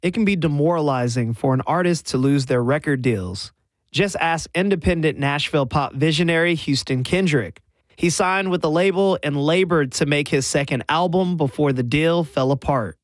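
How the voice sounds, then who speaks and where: A man's voice: on the high side, moderate pace, no echo, studio quality. Southern man hosting radio. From Alabama. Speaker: radio host. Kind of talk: radio music talk.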